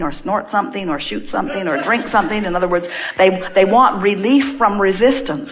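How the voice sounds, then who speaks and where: A woman delivers an inspirational talk as a spiritual teacher, speaking as a collective "we". She is emphatic and repetitive, drawing out the words she wants to land. Her voice sits at an ordinary middle pitch.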